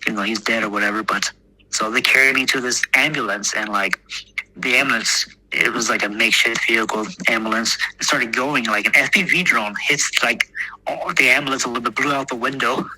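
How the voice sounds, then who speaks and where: A man with an American accent tells a long story in a loose, rambling way, with plenty of swearing and "like" fillers. His voice has a very sharp, tense edge, and he keeps laughing at his own jokes. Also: mid-range voice, brisk, breathy edge, dry recording, poor audio. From Texas, United States. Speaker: guest. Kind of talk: casual storytelling.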